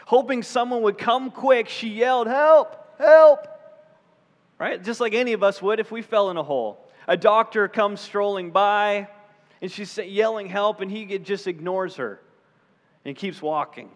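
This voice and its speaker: A man with a high voice preaches a sermon, telling a story with animated, acted-out voices. His voice rings with the long reverb of a large hall. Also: moderate pace. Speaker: pastor.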